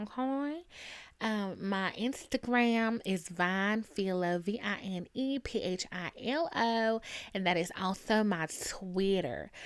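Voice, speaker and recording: A woman's voice: mid-range voice, clear, resonant tone. Young adult woman, podcast host; loose, chatty delivery full of fillers, affectionate toward her audience, mid-range voice. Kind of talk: casual solo podcast chat.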